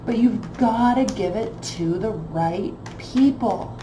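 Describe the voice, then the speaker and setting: A woman's voice: mid-range voice, slow, roomy sound, background noise. A woman reading tarot cards in a blunt, emphatic way, repeating phrases for stress. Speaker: tarot reader.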